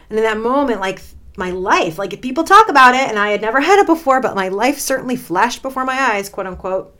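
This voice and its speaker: A woman in her forties hosting a podcast, telling a personal story in a dramatic, expressive way. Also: mid-range voice, fast, hardly any pauses. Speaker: podcast host.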